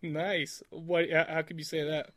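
A man with a fairly high voice chats casually as a podcast co-host. He jokes around and laughs a lot, with an animated, playful delivery. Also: unhurried. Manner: laughs often, jokey and animated. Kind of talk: casual chat.

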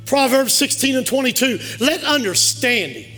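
A male pastor preaching a sermon in a church, leading call-and-response and building up to fervent shouts. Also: very high voice, lively intonation, moderate pace, soft background music. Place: church sanctuary.

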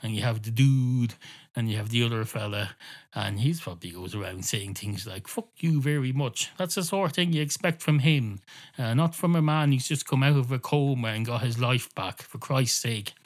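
A man's voice: mid-range voice, normal speed. A man hosting a comedy podcast, rambling through a digressive comic monologue. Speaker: podcast host.

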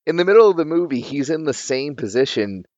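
A man's voice: on the high side, very animated, brisk, darkish tone, no echo, lo-fi sound. A man chatting about a film, amused and laughing between phrases. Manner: amused, laughs while talking. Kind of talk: casual film discussion.

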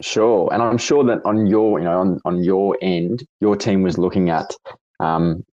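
A raspy-voiced Australian man hosts a casual online chat, his pitch sitting very low. He rambles through his questions and corrects himself as he goes. The sound is dull and lo-fi, close and dry. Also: steady tone, unhurried, darkish tone, no room sound. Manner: rambling, self-correcting questions with frequent fillers. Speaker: host. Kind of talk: casual audio chat interview. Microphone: online audio chat room.

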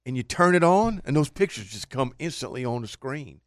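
A man voicing amazed rednecks in a joke, with a drawling Southern redneck accent and high, incredulous voices. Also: animated, brisk, dry recording, studio quality, close to an everyday voice. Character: three rednecks from a joke, factory lunchroom workers.

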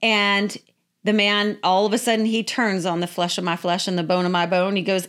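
A woman giving a casual, animated Bible teaching who often repeats her phrases. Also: mid-range voice, moderate pace.

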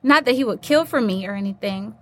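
A woman's voice: mid-range voice, lively intonation, fairly quick, fairly bright tone. A woman guest telling a personal story in an interview, earnest and acting out the voices she quotes. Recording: faint background noise.

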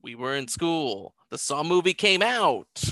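Lively, bright-voiced man hosting. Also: fairly high pitch, dry recording. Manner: animated, joking, quick to laugh. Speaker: podcast host. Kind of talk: casual film review chat.

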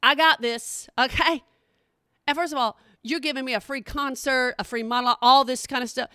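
A middle-aged woman delivers a comedic rant, sassy and exasperated, mocking as she goes. Her voice sits a little high. The sound is close and dry, with no room around it. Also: fairly even intonation, fairly quick, sharp tone, clear, resonant tone, dry recording.

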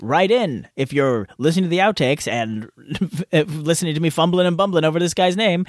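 A man's voice: a little high, fairly quick, no echo, studio quality. A man hosting a podcast, chatting through his outtakes in a goofy, playful, self-mocking way from a hot home garage. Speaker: podcast host. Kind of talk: casual outtakes chat.

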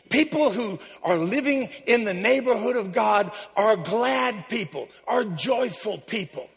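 A man preaching a sermon in a church, exuberant and joking with the congregation, building up to shouts. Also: high voice, vocal fry, long reverb tail. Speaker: pastor.

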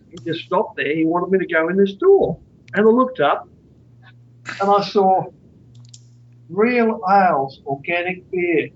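A man's voice: sits high, slight background noise. A man being interviewed as a guest author, telling a long anecdote in a rambling, earnest way. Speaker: guest, author on out-of-body experiences. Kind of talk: storytelling in a podcast interview. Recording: dull lo-fi recording.

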